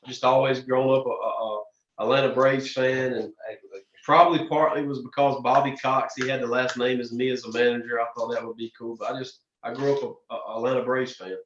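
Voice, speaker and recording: A young man, a racer guest telling animated stories in a casual interview. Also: medium pitch, brisk. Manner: animated storyteller, frequent restarts and "man". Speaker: drag racer and podcast guest. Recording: distant, roomy, dull lo-fi sound.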